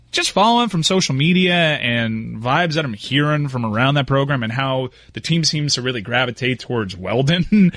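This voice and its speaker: A man's voice: mid-range voice, a bit bright, dry recording, clean studio sound. A man on a sports radio panel, talking casually and analytically about a college football team. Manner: worried, analytical, speaks in long run-on thoughts. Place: radio studio.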